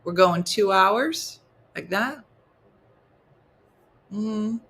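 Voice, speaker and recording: A comedy morning show host with a New Jersey accent runs a casual livestream, reading viewer comments and teasing them with playful mock disgust. Her mid-range voice is a bit bright, with lively intonation and a very slow pace.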